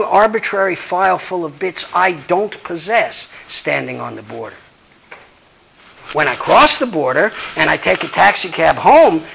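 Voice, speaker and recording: A man's voice: high-pitched, vocal fry, fairly bright tone, slight background noise, rough recording. A man, a law professor, giving a blunt, emphatic, profane lecture and answering audience questions.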